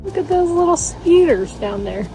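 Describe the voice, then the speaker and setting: A woman's voice: extremely high pitch, very animated, moderate pace, gravelly, mellow. A young woman narrating a casual travel vlog outdoors, chatty and playful. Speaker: vlogger. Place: outdoors in national parks and campground. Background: music.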